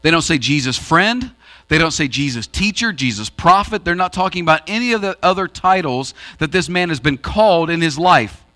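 A pastor preaching a sermon in a church auditorium, swinging between raised and hushed delivery. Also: male voice, on the high side, lively intonation, normal speed.

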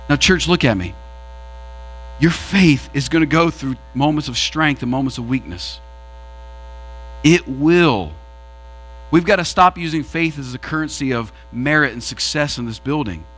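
A man preaching a sermon as pastor to his church, swinging his pitch and pace as he makes his points. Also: lively intonation, moderate pace, pauses often, a bit bright.

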